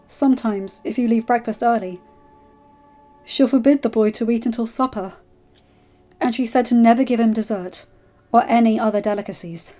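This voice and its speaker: A woman's voice: a little high, normal speed, pauses often, close to an everyday voice. Lady doing a sweet gossipy castle cook, chatty, slightly muffled, music faint. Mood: fond. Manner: warm gossipy storytelling. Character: kindly old castle cook, fond.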